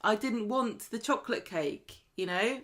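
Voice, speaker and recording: A woman, co-hosting a podcast in casual chat, animated and argumentative, often laughing. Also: on the high side, a little slow. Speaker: podcast co-host.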